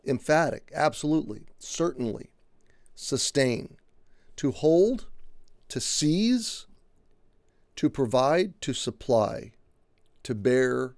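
A man's voice: medium pitch, animated, slow pace, long pauses, a little mellow, no room sound, clean studio sound. A man giving a conversational Bible teaching, earnest, unpacking words one by one and often checking in with "okay?".

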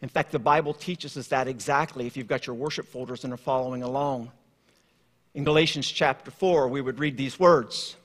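A man preaching a sermon in a church, telling stories and moving from hushed tones to lively asides. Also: mid-range voice, brisk. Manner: storytelling, swings from hushed to lively. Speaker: guest preacher. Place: church sanctuary. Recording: long hall reverb.

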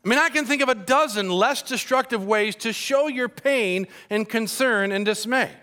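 This pastor's voice is very high-pitched, and he speaks at a normal speed. His sermon tells the story in a lively, humorous way as he talks right to the people in the pews.

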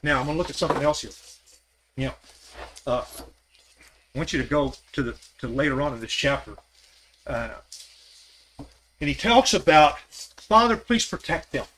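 A man's voice: mid-range voice, expressive, normal speed, long pauses, fairly bright tone, a little hiss or hum. An older man teaching a Sunday Bible class, conversational and questioning his listeners, acting out scripture quotes as he goes. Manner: acts out scripture quotes with shifting voice.

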